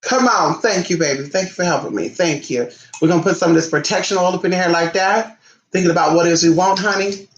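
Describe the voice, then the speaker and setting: Fast and high-pitched with a bit of brightness, this man comes through on lo-fi sound in an echoey room. He's hosting a live ritual tutorial, flamboyant and sassy, calling everyone honey and answering viewer comments.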